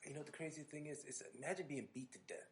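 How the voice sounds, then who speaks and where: Fast-talking man in a roomy garage. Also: fairly high pitch. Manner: frequent backchannels, laid-back, repeats words when starting. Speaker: podcast co-host. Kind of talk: casual chat.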